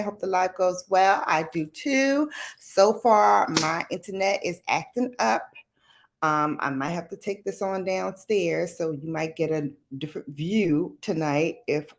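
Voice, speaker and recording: A woman hosting a casual livestream from home, greeting viewers and chatting about her week. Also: low voice. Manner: chatty, greets viewers, chants along to music. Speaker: livestream host. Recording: music in the background. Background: music playing.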